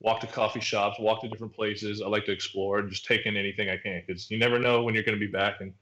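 A man's voice: on the low side, level tone, fast talker, a bit bright, muffled recording. A man in his thirties, a podcast guest, talking in a laid-back, rambling way with lots of fillers. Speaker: podcast guest, pro baseball pitcher. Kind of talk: casual chat. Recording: roomy echo.

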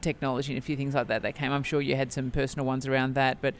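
A woman's voice: extremely low pitch, level tone, racing. Woman, podcast co-host, casual chat, reflective and enthusiastic, faint background hiss.

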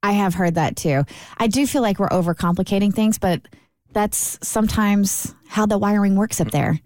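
A woman co-hosting a morning radio show, reading a listener's letter aloud in an expressive way. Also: medium pitch, moderate pace, no room sound. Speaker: radio co-host.

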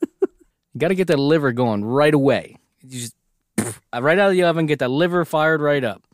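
A man's voice: fairly high pitch, normal speed, dry recording. Joking man in a dry room. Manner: joking, reads story aloud, laughs often. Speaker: podcast co-host. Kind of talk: casual comedic chat.

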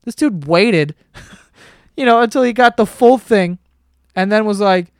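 A man's voice: high-pitched, normal speed, no room sound, studio quality. A man hosting a podcast, ranting casually with lots of swearing and sarcasm. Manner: profane, sarcastic, animated ranting. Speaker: podcast host.

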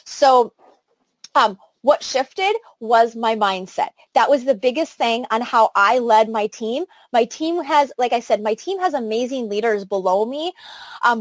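A woman's voice: on the high side, no room sound. A middle-aged woman leading a motivational training talk for her sales team, enthusiastic and chatty with many fillers and restarts. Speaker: network marketing team leader.

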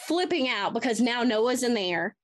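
Animated woman telling her ghost story. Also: a little high, moderate pace. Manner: animated storyteller who acts out her own past words. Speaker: podcast guest. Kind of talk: first-person ghost story told in an interview.

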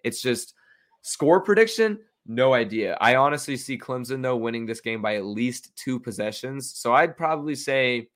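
A man's voice: medium pitch, a bit bright. Chatty young man picking football bets. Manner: chatty, confident, self-mocking. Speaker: sports betting podcast host. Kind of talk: casual solo commentary.

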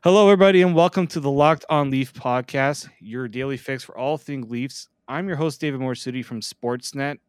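A man's voice: mid-range voice, normal speed, hardly any pauses, clean tone, no room sound, studio quality. A man hosting a daily hockey podcast, chatting casually and joking with his co-host. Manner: chatty, jokey, self-deprecating. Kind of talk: casual sports podcast chat.

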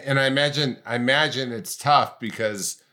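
Bright-voiced male interviewer. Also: medium pitch, normal speed. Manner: reflective, restating what the guest says. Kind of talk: interview conversation.

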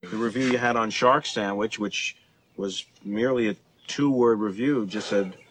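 An actor playing a plain-spoken interviewer in a film clip, talking in a slow, flat way. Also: male voice, lowish voice, slight background noise, natural voice, rough recording. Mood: deadpan.

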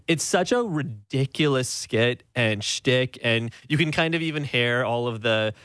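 A man co-hosting a sports radio show, telling stories in an animated way and laughing often. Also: medium pitch, a little slow, no room sound, clean studio sound. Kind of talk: casual sports talk.

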